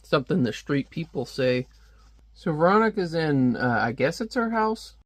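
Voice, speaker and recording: A man's voice: on the high side, very animated, normal speed, dry recording. A man reviewing a comic book in casual, rambling commentary, with lots of offhand fillers.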